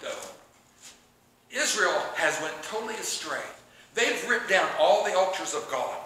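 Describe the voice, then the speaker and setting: A man preaching a sermon in an animated, joking way. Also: high voice. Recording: very echoey room.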